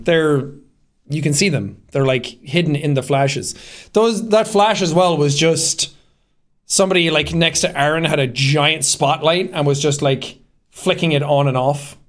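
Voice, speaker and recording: A man's voice: on the high side, a little slow. A man casually explaining how he made his short film, rambling with lots of fillers and frequent laughter. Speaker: creator commenting on his own short film. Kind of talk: casual behind-the-scenes commentary.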